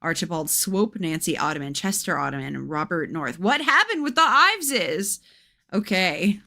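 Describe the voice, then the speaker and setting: A woman's voice: lowish voice, very animated, moderate pace, gravelly, sharp tone. Wry woman streamer reading aloud. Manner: chatty, wry asides. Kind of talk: reading a gamebook aloud with commentary.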